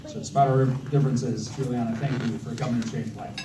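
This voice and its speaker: Talking quickly and in a steady tone, a medium-pitched man in his thirties delivers a self-deprecating, joke-filled toast for his brother's wedding, full of fillers and restarts. The recording is very noisy, made from far off in an echoey reception hall with loud crowd ambience.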